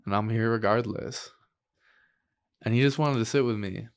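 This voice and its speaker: A young man from upstate New York, hosting a podcast and talking casually, emotional and halting, laughing as he tears up. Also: fairly low pitch, smooth. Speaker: podcast host. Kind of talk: casual chat.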